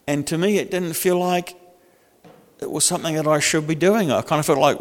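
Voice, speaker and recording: An older man preaching a sermon in a lively, humorous, conversational way. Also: on the high side, moderate pace, in a large hall. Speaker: pastor.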